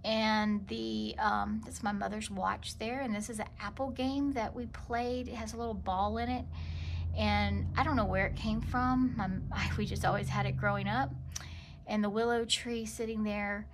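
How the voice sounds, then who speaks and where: A woman giving a casual tour of her home in a vlog, talking gently with many ums and pauses. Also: medium pitch, slight background noise. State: emotional. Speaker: vlogger. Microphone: handheld camera walked around.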